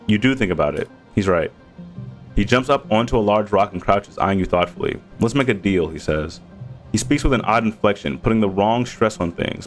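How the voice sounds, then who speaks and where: A man streaming a game, reading its narration aloud with casual asides. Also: on the low side.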